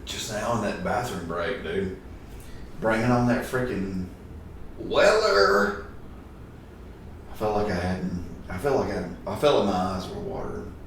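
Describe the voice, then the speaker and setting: A man's voice: lowish voice, lively intonation, measured pace, pauses often, a bit bright, a little hiss or hum. A man, a comedian host chatting casually and joking. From Alabama, US. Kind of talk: casual chat. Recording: echoey room, distant mic.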